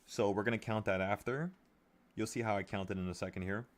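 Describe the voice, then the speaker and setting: A man's voice: fairly low pitch, steady tone, a little fast. A young man from New York talking casually to his viewers, working out trading profits and taxes aloud in a blunt, pumped-up way. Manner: talks through sums aloud, blunt and pumped up. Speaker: trading vlogger.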